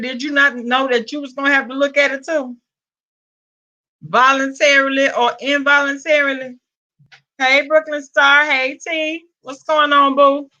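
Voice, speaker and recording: Southern woman streamer, high bright voice, chatty with her viewers, slow easy delivery. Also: highs cut off. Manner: greets viewers with pet names, Southern US slang. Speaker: livestream host. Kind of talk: casual live-stream chat.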